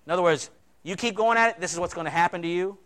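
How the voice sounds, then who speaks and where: A male pastor preaching a sermon, swinging between loud, emphatic lines and quiet, low asides. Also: very fast.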